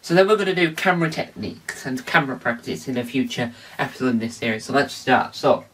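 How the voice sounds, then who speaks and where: A man hosts a casual how-to vlog, talking in a loose, rambling way full of fillers and false starts. His voice sits at an ordinary pitch and sounds a little distant from the mic. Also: animated, fast talker, a bit bright, slight background noise. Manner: rambling, with many fillers and restarts. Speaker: video host.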